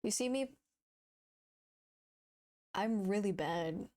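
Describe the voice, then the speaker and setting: A woman's voice: mid-range voice, expressive, slow, darkish tone. A woman streamer chatting casually and giggling at her own old footage, self-mocking and full of exclamations. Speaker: VTuber streamer.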